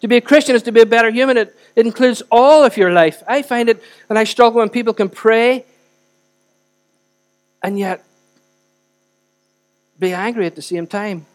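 A middle-aged man preaching a sermon as pastor, earnest and emphatic, swinging between loud and soft. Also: very high voice, moderate pace, long pauses.

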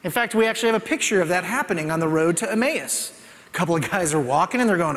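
A man's voice: high voice, expressive, quick pace. Man preaching in a reverberant hall. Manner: conversational preaching, dropping to soft hushed tones for emphasis. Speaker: pastor. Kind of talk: sermon. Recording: long reverb of a large hall.

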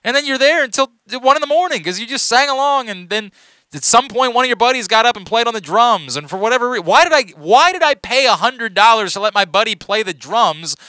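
A man chatting on a podcast, telling stories with lots of emphasis and an expressive, swooping voice. His tone is bright and crisp. The recording is dry and close. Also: extremely high pitch, fairly quick, no room sound. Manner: animated, emphatic storyteller. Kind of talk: casual chat.

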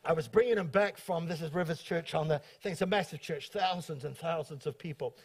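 A high-pitched man leading a church gathering as host pastor. He talks fast and eagerly, tripping over his words and restarting sentences as he goes. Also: slightly rough. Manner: fast, excitable, stumbling restarts. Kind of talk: church talk introducing guests.

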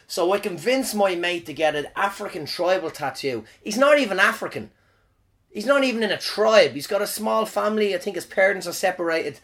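A man's voice: high voice, lively intonation, a little fast, fairly bright tone. A man in his thirties, hosting a podcast alone and telling crude comic stories, swearing and rambling with frequent restarts. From Ireland. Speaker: podcast host. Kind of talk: casual comic storytelling monologue.

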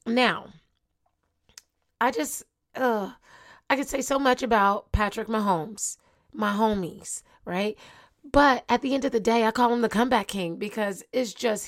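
A young adult woman hosting her own podcast, talking casually to listeners, asking them questions and laughing often. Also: medium pitch. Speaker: podcast host. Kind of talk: casual solo podcast monologue.

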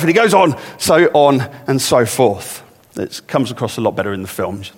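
A man's voice: medium pitch, very animated, normal speed, breathy edge, big-room sound. A man preaching a sermon in a church, talking in a conversational way that builds into emphatic repetition.

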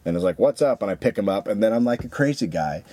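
Speaking quickly in a lowish voice over slight background noise, a man co-hosts a podcast. He recounts a story in profane, casual banter, animated and acting out the quotes.

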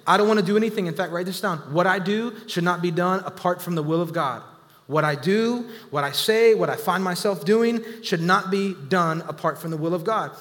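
A man in his thirties, a pastor, preaches a sermon in a fairly bright, high-sitting voice at a slightly quick pace. His volume rises and drops suddenly, and he acts out the voices of the people he quotes. The recording carries a long hall reverb.

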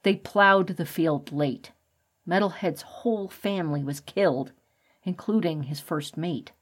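Laid-back storybook rat guy, matter-of-fact, slow, lady narrator doing him. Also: lowish voice, husky. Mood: plain. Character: easygoing adult male rat, the colony's leader.

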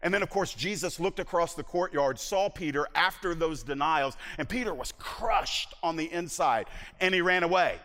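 A man's voice: fairly high pitch, moderate pace, a bit bright, long reverb tail. A male pastor preaching a sermon, retelling a Bible story dramatically and acting out its voices.

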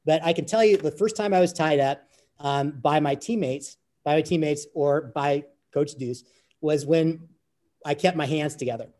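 A man's voice: on the high side, normal speed, darkish tone. A man telling a personal story as an interview guest, earnest and repeating phrases as he goes. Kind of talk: conversational storytelling.

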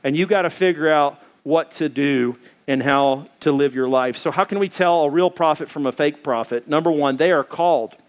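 A male preacher with a fairly high voice tells a story to his congregation. He speaks in a loose, colloquial way and stays animated as he moves into teaching. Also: normal speed, few pauses. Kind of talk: storytelling sermon.

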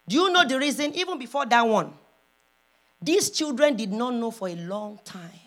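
A pastor's wife preaching a sermon, moving from hushed storytelling to loud, impassioned calls. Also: female voice, fairly high pitch, animated, a little slow, pauses often.

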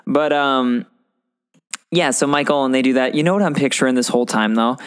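A man's voice: medium pitch, a little fast, smooth. A young man casually chatting about a film as a podcast co-host, rambling and playful. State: teary.

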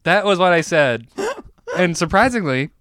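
Podcast co-host, male, slightly higher-pitched than most men, self-mocking comedic storyteller. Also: animated, moderate pace, fairly bright tone. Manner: rambling, self-mocking, lots of restarts and laughs.

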